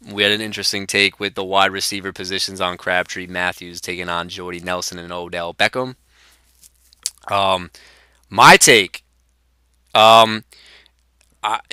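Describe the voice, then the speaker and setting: A man's voice: lowish voice, pushed and bright, clear, resonant tone, no room sound. A young man hosting a comedy sports show with casual analysis and fillers. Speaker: host.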